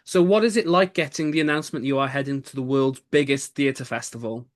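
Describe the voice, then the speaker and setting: A man's voice: mid-range voice, fast. A man hosting a casual interview, laughing often and affirming his guest. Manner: warm listener, frequent laughs and affirmations. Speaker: interviewer, host.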